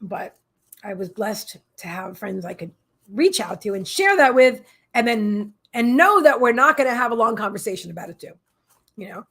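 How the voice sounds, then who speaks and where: A woman's voice: mid-range voice, very animated, moderate pace, fairly bright tone, slightly rough. A middle-aged woman hosting a psychic livestream, telling a personal story in a rambling, emotional way with many restarts and asides to viewers. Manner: talks to viewers in chat.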